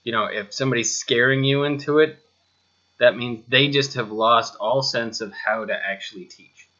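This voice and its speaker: A man's voice: medium pitch, moderate pace, sharp tone, lo-fi sound. A man teaching a spoken lesson, talking straight to the listener with rhetorical questions and a touch of sarcasm. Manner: mildly sarcastic asides. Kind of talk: spoken lesson over slides.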